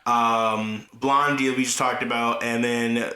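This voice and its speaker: A man's voice: medium pitch, fairly even intonation, slow pace, over a noisy crowd. A man co-hosting a podcast, chatting casually about a film, laughing often and slipping into slangy talk and mock voices. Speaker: podcast co-host. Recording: echoey room.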